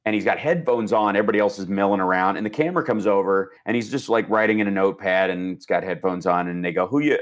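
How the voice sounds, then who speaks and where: A man's voice: deep voice, fairly even intonation, fast, few pauses. A man in his forties from Indiana, a podcast guest telling stories with energy and acting out quoted voices. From Indiana, USA. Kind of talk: animated storytelling.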